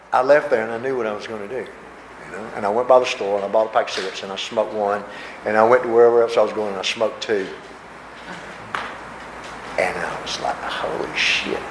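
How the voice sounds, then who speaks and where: A man in his fifties speaks in a folksy, storytelling way, poking fun at himself as he talks through his recovery. His voice bounces around a roomy hall, and there is a steady hum of noise behind him. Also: medium pitch. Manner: folksy storytelling with self-mocking laughs. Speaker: workshop speaker. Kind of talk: personal recovery talk. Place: convention hall. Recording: echoey room with background noise.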